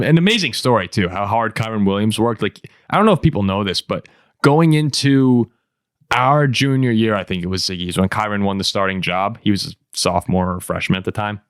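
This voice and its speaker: A man in his twenties co-hosting a casual sports podcast, telling stories in an animated way and laughing often. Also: fairly low pitch, no echo, clean studio sound. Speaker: podcast co-host.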